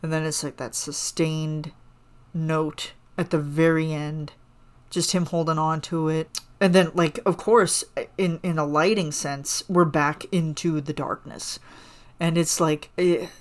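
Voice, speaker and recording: A woman's voice: low voice, flat delivery, a little slow. A woman hosting a solo podcast, gushing about a song in a rambling, casual way full of fillers. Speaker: podcast host reacting to a song.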